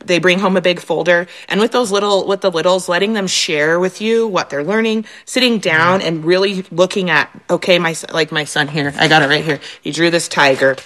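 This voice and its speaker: A woman's voice: fairly low pitch, a little fast, hardly any pauses, poor audio. Mother chatting, acting out her kids. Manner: animated, acts out her kids' voices. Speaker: guest mother. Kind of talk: casual chat.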